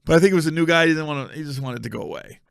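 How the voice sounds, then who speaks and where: A man's voice: fairly high pitch, rapid-fire, creaky, clear, resonant tone, no room sound, clean studio sound. A man in his forties, a comedian hosting his show, telling a story casually and profanely, acting out every voice. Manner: animated, profane, acts out every voice. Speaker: comedian host.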